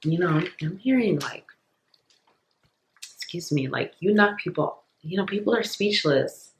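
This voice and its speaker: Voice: medium pitch, lively intonation, a little slow, roomy sound, a little hiss or hum, poor audio. A tarot reader giving a casual reading to viewers, rambling with lots of fillers, repeating phrases and stumbling over words.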